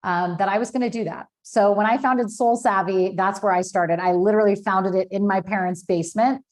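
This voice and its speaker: A woman's voice: medium pitch, fairly even intonation, a little fast, darkish tone. A woman in her thirties, a podcast guest, telling a personal story in a candid, emotional way with many fillers. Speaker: podcast guest, business founder.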